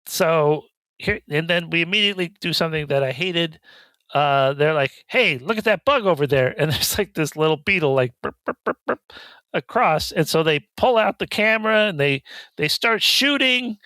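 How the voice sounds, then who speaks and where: A man with a high, bright voice talks through a movie plot for a podcast, deadpan and a little exasperated. He drops into mocking quoted asides as he goes. The sound is dry and close, with no room around it. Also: moderate pace, clean tone, no echo. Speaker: podcast co-host. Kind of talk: casual chat recapping a movie.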